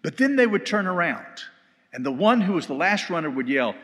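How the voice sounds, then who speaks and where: Animated male Bible teacher in a church hall. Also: high voice, fairly quick. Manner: animated storytelling, shouting quoted lines. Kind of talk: sermon-style Bible lecture. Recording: live church hall recording with long reverb.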